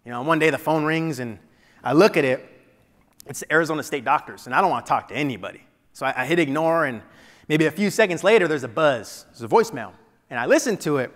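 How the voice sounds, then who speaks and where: Keynote speaker, male, slightly high voice, dramatic storyteller in a big echoing hall. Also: expressive, quick pace. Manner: dramatic storyteller, drops to a hush at painful moments. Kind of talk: motivational storytelling speech. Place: large event hall before an audience. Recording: long hall reverb.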